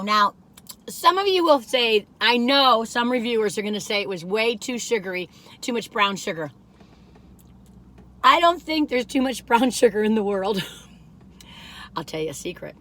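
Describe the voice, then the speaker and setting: A woman chatting casually as she reviews food, rambling and digressive, gushing with excitement and laughing often. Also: mid-range voice, a little hiss or hum. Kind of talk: casual chat.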